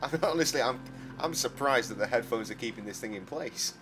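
A man's voice: medium pitch, animated, a little fast, fairly bright tone, soft background music. A man streaming a video game, bantering in a sweary, exasperated, wry way. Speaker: gaming streamer.

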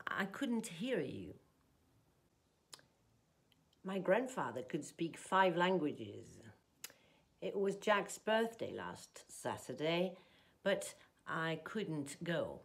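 A woman teaching an English lesson, reading example sentences and explaining grammar in a slow, deliberate way. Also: on the low side, vocal fry.

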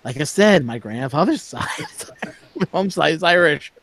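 A man's voice: on the high side, lively intonation, moderate pace, a bit bright. A Canadian man with a Canadian accent, chatting casually and teasing friends on a video call. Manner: chatty, teasing, laughs often. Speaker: livestream guest. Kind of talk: casual chat.

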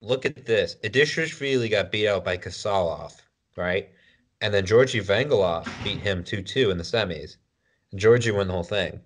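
Male podcast co-host, very deep voice, loose joking banter. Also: moderate pace. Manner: loose, joking banter, rattles off wrestler names. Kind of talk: casual podcast chat.

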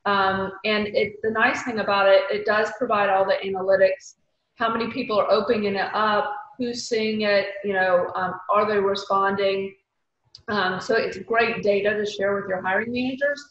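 A woman's voice: mid-range voice, steady tone, moderate pace, a bit bright. Southern woman explaining on an echoey call. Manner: chatty, explanatory, full of fillers. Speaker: recruiter on a panel. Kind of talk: casual panel discussion. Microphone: video call. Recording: muffled echoey video call audio.

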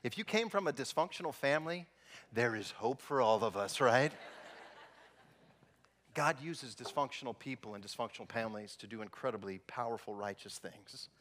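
A man's voice: mid-range voice, animated, normal speed, fairly bright tone, a little hiss or hum. A man preaching a sermon as pastor, telling stories with jokes in a conversational way. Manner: humorous, conversational storytelling. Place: church sanctuary. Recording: long reverb in a church hall.

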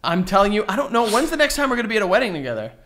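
Animated, swearing young man chatting. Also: high voice, very fast. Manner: animated storytelling, swears a lot. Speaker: podcast co-host. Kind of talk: casual chat.

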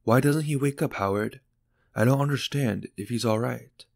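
A man voicing an anxious young mother at her child's hospital bedside, asking soft, pleading questions. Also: mid-range voice, normal speed, gravelly, dry recording, studio quality, pitched above the performer's own voice. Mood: worried.

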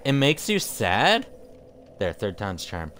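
Slow-talking, rambling male game streamer. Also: fairly low pitch, huge pitch swings, fairly bright tone, a little hiss or hum. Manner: rambling, jokey, trips over his words. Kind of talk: casual chat with live viewers while gaming.

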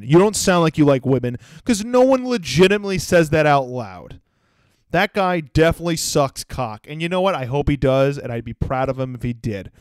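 A young man hosting a comedy podcast, ranting crudely and mocking people with quick impressions. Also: mid-range voice, a little mellow, smooth, no room sound, clean studio sound. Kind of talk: solo comedic rant.

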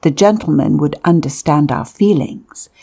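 A woman narrating a memoir-style audiobook in a measured, deliberate reading. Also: sits low, gravelly, warm tone, slightly rough.

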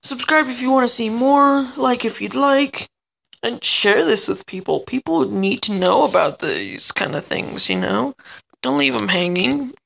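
A high-pitched male gamer with a heavily gravelly, fry-laden voice that swoops all over the place. He chatters excitedly at other players and yelps when things go wrong. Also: a little slow, low-quality recording. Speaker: gamer and channel host. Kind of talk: let's play commentary.

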